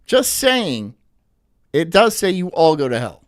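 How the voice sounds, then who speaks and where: A man's voice: fairly high pitch, sing-song, measured pace. A man commenting on video clips during a live stream in a crude, mocking, rambling way.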